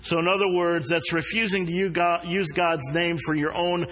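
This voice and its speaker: A man preaches in an earnest, measured way, his voice sitting a little high for a man. He slows down to weigh the words that matter most. A long hall reverb trails behind every phrase. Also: little pitch movement, fairly bright tone. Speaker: pastor. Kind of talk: sermon. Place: church sanctuary.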